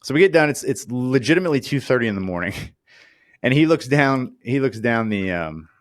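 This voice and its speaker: Animated, profane man telling stories. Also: mid-range voice, a little fast, dry recording, clean studio sound. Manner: animated storyteller, acts out quoted voices; profane, lots of fillers. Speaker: podcast co-host. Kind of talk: casual chat.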